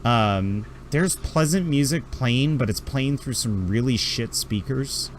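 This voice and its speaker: A man's voice: mid-range voice, expressive, slow, background noise. A man narrating a tabletop game as game master, rambling through descriptions with fillers.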